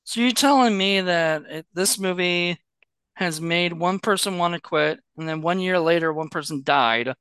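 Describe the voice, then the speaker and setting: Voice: mid-range voice, normal speed, a bit bright, clean tone, no room sound. A podcast co-host chatting casually about a movie, rambling with many fillers and restarts. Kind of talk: casual movie-review chat.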